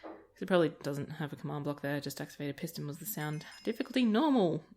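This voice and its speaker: This let's-play creator talks fast in a low, dark-toned, animated voice. She rambles through casual stories while playing and laughs a lot along the way.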